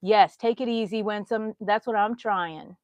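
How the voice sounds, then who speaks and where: A woman's voice: mid-range voice, measured pace, darkish tone, dry recording, dull audio. Chatty woman hosting a crochet live. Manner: chatty, reads out viewer comments, yawns often. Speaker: crochet livestream host. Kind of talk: casual live chat while crocheting. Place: at home.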